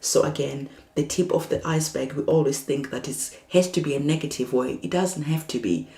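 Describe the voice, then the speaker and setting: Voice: medium pitch, fairly quick, vocal fry, dark tone, reverberant. A tarot reader giving a spiritual reading in a soothing, reassuring way, repeating phrases as encouragement.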